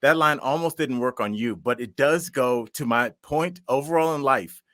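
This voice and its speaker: A podcast co-host chats casually and jokes while laying out his theories. His mid-range voice is fairly bright at normal speed, recorded in a clean studio with no room sound.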